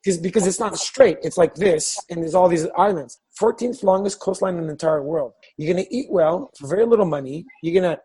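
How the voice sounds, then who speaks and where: A man's voice: high-pitched, a little fast, few pauses, dark tone, breathy edge, low-quality recording. A man from Canada, a guest author and filmmaker, telling stories in a chatty, enthusiastic way with casual swearing. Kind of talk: casual podcast conversation.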